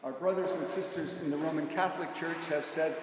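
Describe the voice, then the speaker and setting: A man preaching a sermon as pastor, in a measured way, stressing key words. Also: a little high, fairly even intonation. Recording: echoey church hall from far off, faint noise.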